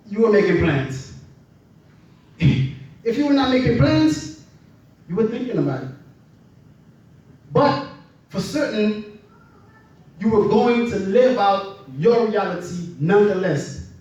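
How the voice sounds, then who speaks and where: A man's voice: high-pitched, a little mellow, heavy reverb, far from the mic, dull audio. A man from the Bahamas, preaching a sermon in a conversational way and often asking "right?".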